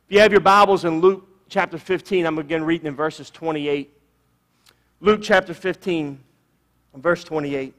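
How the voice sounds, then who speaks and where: A man preaches a sermon with a high voice that rings through the long reverb of a church sanctuary. He stresses his points through repetition and stretches out key phrases. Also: animated, a little slow, long pauses, a bit bright. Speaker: pastor.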